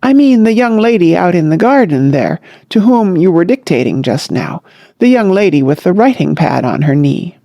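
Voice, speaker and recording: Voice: mid-range voice, big pitch swings, moderate pace, creaky, mellow, no echo. A narrator voicing a modest, earnest young man who speaks hesitantly.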